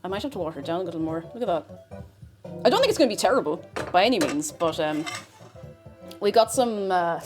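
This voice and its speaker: A woman's voice: on the low side, animated, fast talker, pauses often, music in the background. A woman with an Irish accent, a streamer chatting casually while she cooks, rambling and often cutting herself off mid-sentence. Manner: rambling, chatty, self-interrupting. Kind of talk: casual chat while cooking.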